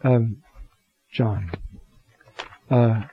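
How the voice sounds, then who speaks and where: A man teaching a Scripture talk in an unhurried, reflective way, pausing often as he looks up verses. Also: medium pitch, fairly even intonation, gravelly, phone-quality sound. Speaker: Bible teacher.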